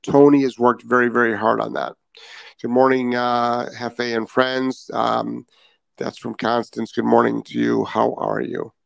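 A man's voice: medium pitch, flat delivery, unhurried, gravelly, no room sound. A man hosting a live dog-training show, talking bluntly and repeating his key points for emphasis. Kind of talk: live-stream talk. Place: Florida.

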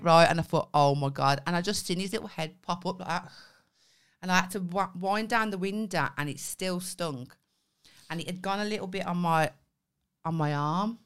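A woman's voice: medium pitch, a bit bright, smooth. A young woman, casually chatting and telling stories on a podcast, swearing freely. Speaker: podcast co-host.

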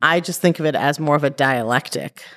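A woman in her thirties talks through her own coaching podcast in a low, grounded voice. She speaks casually and directly, with lots of "like" and "right?" and the odd curse word. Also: fairly quick. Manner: conversational, frequent "like" and "right?", mild swearing. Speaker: podcast host and life coach. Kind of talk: casual solo podcast talk.

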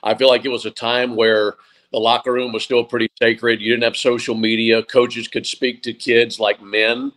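A sports broadcaster in his forties, talking as a guest in an interview, reflective and often pausing to restart his sentences. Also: mid-range voice, flat delivery, a bit bright, low-quality recording. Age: 40s. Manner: reflective, with frequent restarts and fillers. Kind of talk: interview conversation.

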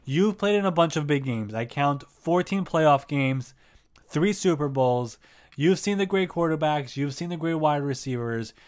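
A man's voice: a little high, lively intonation, measured pace, clear, resonant tone. Easygoing male sports interviewer. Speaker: interview host.

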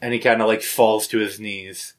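A man's voice: on the low side, level tone, moderate pace. A man narrating a tabletop game as game master, loose and hesitant with many fillers.

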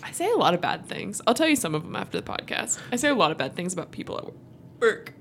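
A woman's voice: mid-range voice, sing-song, fast talker, a bit bright, husky. A woman co-hosting a chatty podcast, talking candidly with frequent giggles. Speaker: podcast co-host. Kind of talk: casual chat.

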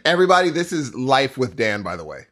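A man's voice: medium pitch, fast. A man co-hosting a podcast, retelling stories animatedly and acting out exchanges in voices. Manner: animated storyteller, acts out texts in voices. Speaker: podcast co-host. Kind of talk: casual podcast banter.

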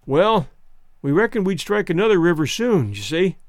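A gaunt, dying frontiersman in a storybook, tender and worn, drawling in a rough backcountry way, as a narrator puts him on. The voice sits high and swings about a lot, recorded dry and close. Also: sing-song, moderate pace, no room sound. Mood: weary. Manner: rustic dialect, tired.

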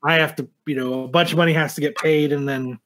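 A man's voice: a little high, fast. A man telling a story in casual chat, swearing often and acting out the people in it. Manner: profane, animated anecdote telling.

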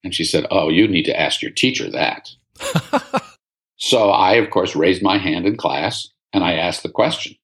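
Deep-voiced older man, wry storyteller. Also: measured pace. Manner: relaxed storyteller, wry humor. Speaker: author and guest. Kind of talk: conversational interview answers.

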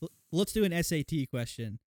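A man's voice: fairly high pitch, expressive, a little fast, darkish tone, dry recording, clean studio sound. A young man co-hosting a casual podcast chat, emphatic and jokey, swearing freely. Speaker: podcast co-host.

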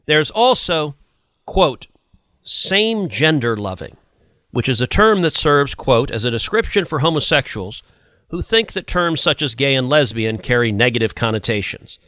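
A man's voice: mid-range voice, sing-song, unhurried, fairly bright tone, no room sound. A man hosting a political podcast, indignant and sarcastic as he reads quotes aloud and mocks them. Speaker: podcast host. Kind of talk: opinionated political commentary.

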